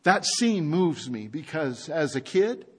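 A man preaching a sermon, retelling a story with animated rhetorical questions to his congregation. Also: on the high side, slow pace, husky. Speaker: pastor.

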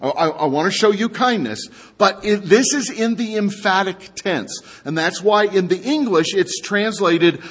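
A man preaching an expository sermon, animated and speaking straight to his listeners. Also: sits high, moderate pace, hardly any pauses, slightly rough. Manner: animated, addresses the audience directly. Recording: long hall reverb.

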